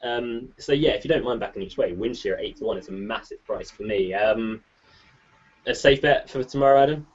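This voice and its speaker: A man's voice: on the low side, breathy edge. A man hosting a casual chat, reading out listener questions with jokey asides. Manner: chatty, jokey, quick asides. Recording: muffled lo-fi recording.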